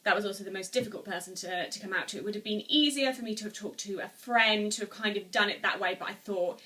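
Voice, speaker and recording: A woman's voice: mid-range voice, fast, sharp tone, recorded from a distance. A woman in her twenties telling a personal story to camera at home, earnest and rambling with many restarts. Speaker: vlogger. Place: room at home, seated.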